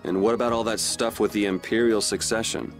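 Guy voicing a chill teasing young swordsman, kinda low voice, game music behind. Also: brisk, lightly acted. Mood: wry. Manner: relaxed, wry. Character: laid-back young male swordsman, wry and teasing. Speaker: game character.

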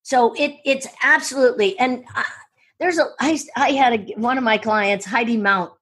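A woman speaking coach telling stories in an interview, excitable and full of quick restarts and asides. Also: fairly high pitch, husky. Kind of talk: enthusiastic interview storytelling.

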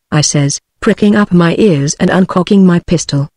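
A text-to-speech woman's voice with a British English accent, narrating an audiobook in an even, machine-read way. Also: lowish voice, moderate pace, few pauses, no echo, clean studio sound.

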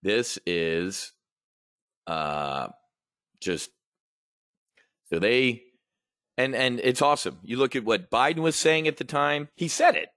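A man's voice: medium pitch, animated, takes it slowly, pauses often, a bit bright, dry recording, studio quality. A man hosting a trading show, commenting on the news in a blunt, rambling, profane way. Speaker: options trading show host. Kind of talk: casual market and news commentary.

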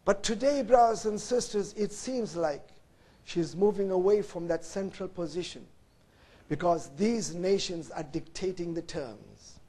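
High-voiced preacher, slow and dramatic. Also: male voice. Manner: preaching with dramatic swings from loud emphasis to hushed low tones; repeats "brothers and sisters" as an address. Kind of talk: sermon.

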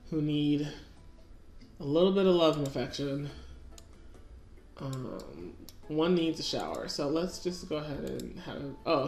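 Recorded in an echoey room with faint music playing, a woman with a low-pitched, darkish voice casually comments on her gameplay. This let's-play gamer is chatty and speaks directly to her characters.

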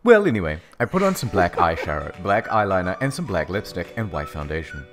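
A man narrating a comic reading in a deadpan, sarcastic style. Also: low voice, fairly quick, music in the background. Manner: deadpan delivery of absurd text, sarcastic. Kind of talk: mock-dramatic comedic reading.

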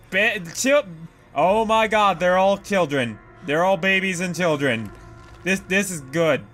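Jumpy, high-pitched horror gamer man. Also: animated, slow pace, soft background music. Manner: jumpy, loud exclamations and cursing; swings between shouting and muttering. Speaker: gaming YouTuber. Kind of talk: horror game let's play commentary.

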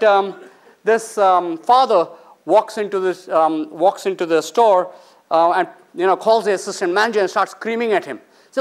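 A high-pitched male finance professor lectures students conversationally, tossing questions to the audience. He briefly acts out the people in his stories in short bursts.

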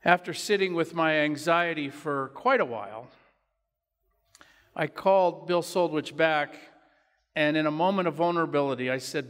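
Male pastor, earnest storytelling sermon, high voice, echoey sanctuary. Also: moderate pace, a bit bright, clean tone. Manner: earnest, personal storytelling preaching. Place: church sanctuary.

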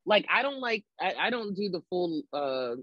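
Lively high-voiced woman guest, lo-fi. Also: normal speed, dry recording. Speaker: podcast guest. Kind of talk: casual chat. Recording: dull lo-fi sound.

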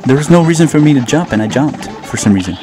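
A man with a warm, medium-pitched voice and lively intonation talks fast as he jokes his way through his own gameplay, poking fun at himself and repeating words. He hosts a gaming channel, and game music runs behind him.

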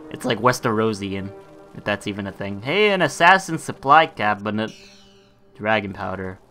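A man's voice: lowish voice, very animated, moderate pace, bright, forceful tone, soft background music. A young man giving casual let's-play commentary, laughing and swearing freely as he plays. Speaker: gameplay commentator.

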